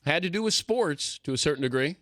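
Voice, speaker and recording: A man's voice: a little high, expressive, quick pace, a bit bright, no echo, clean studio sound. A man hosting a radio talk show, chatty and teasing his guest with trivia. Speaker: radio host. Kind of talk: casual radio chat.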